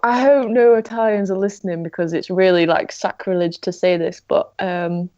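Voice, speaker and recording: A woman's voice: lowish voice, steady tone, moderate pace, darkish tone. Chatty woman telling a con story. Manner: chatty storyteller, many fillers like "um" and "like". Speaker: podcast co-host. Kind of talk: casual chat. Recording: slightly dull lo-fi podcast audio.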